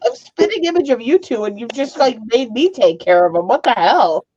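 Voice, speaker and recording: A woman's voice: a little high, lively intonation, fairly quick, darkish tone, slight background noise. A woman hosting a live stream, chatting casually and teasing her guests with frequent laughter. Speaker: livestream host. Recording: dull lo-fi stream audio.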